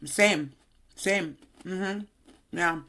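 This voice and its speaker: A woman's voice: on the low side, extremely slow, pushed and bright. A woman in her thirties, a fitness coach co-hosting a podcast, talking in a chatty, sassy, upbeat way. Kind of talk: casual podcast chat.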